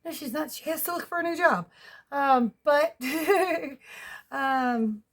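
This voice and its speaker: Woman Southern vlogger, rambling folksy home chat, a bit high-pitched, laughs a lot. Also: slow pace, fairly bright tone. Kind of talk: casual home vlog chat. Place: at home with pets.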